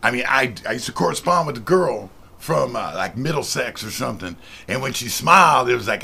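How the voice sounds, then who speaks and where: An older man, a passer-by on the street, answering questions in a halting, rambling, joking way. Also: mid-range voice, expressive, gravelly, sharp tone. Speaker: passer-by interviewee. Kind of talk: casual street interview. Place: outdoors on a street.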